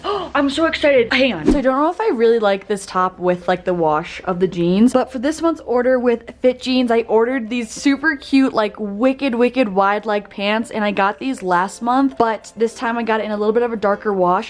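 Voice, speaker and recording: A woman in her twenties vlogging casually, bubbly and chatty, filling her talk with "like". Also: fairly high pitch. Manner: bubbly, chatty, says "like" often. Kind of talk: casual vlog chat. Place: grocery store.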